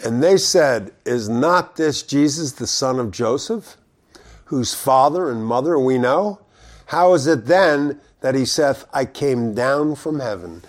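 A man preaching verse by verse, reading scripture aloud and explaining it in a conversational way, with loud emphatic stresses and low quiet asides. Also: expressive, takes it slowly. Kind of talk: verse-by-verse Bible teaching.

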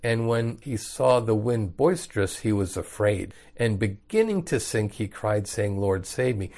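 A man's voice: lowish voice, expressive, a little slow, hardly any pauses, a little mellow. A man teaching the Bible verse by verse in a casual, conversational way, reading passages and explaining them in everyday words.

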